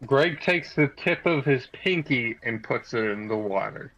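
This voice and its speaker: A man's voice: medium pitch, expressive, measured pace, fairly bright tone, dull audio. A man playing a tabletop game, describing his character's actions and arguing points at length. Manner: rambling, argumentative. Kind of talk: casual play and banter.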